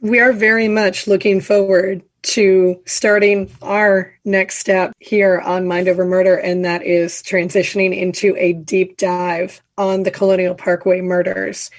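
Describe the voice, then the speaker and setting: A woman co-hosting a podcast, speaking in a reflective, measured and casual way. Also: medium pitch, little pitch movement. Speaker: podcast co-host. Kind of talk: casual conversation.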